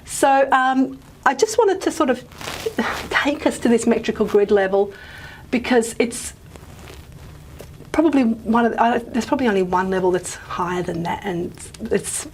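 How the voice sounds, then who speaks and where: A woman's voice: fairly high pitch, animated, moderate pace, a little hiss or hum. Chatty woman lecturing on phonetics. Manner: chatty, checks in with "okay?".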